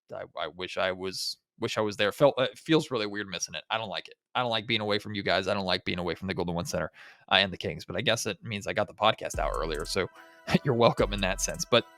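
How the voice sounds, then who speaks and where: A man's voice: lowish voice, fast, fairly bright tone, soft background music. A man with a nasal, stuffed-up voice from a cold, hosting a solo sports podcast in a chatty way, thinking aloud and asking listeners rhetorical questions. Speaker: podcast host.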